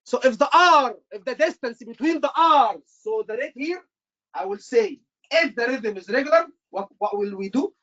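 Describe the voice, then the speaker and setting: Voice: high-pitched, expressive, moderate pace, a bit bright, highs cut off. An instructor teaching a live class, repeating key points and quizzing the students with short questions. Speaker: medical exam instructor.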